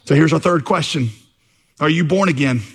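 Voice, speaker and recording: A man's voice: a little high, normal speed, a bit bright, slightly rough. Conversational man preaching in a reverberant church. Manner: conversational, storytelling delivery with fillers. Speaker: pastor. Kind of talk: sermon. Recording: long reverb.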